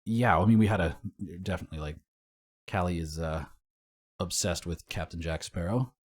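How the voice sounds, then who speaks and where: Young man, low voice, casual podcast co-host, rambling, swears a lot. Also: moderate pace. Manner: rambling storyteller, swears and laughs often.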